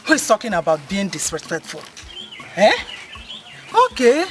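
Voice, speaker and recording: A woman's voice: mid-range voice, normal speed, over music, lightly acted. An actress playing a meddling village woman with a Nigerian accent, gossipy and pushy. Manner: gossipy, pushy, expressive, mixing Igbo into English. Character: meddling middle-aged village woman urging action.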